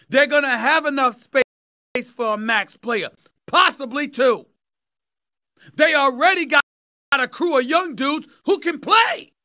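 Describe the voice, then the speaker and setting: A man's voice: very high-pitched, sharp tone. Emphatic New man in his fifties. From New York City. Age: 50s. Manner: emphatic, preachy, repeats phrases for effect. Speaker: sports talk host. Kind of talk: sports commentary monologue.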